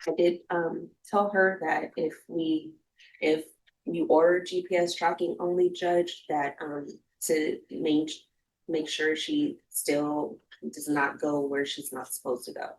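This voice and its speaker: Low-voiced woman attorney, hesitant. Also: fairly even intonation, slow pace, a little hiss or hum, low-quality recording. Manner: hesitant, many fillers. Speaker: defense attorney. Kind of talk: courtroom proceedings.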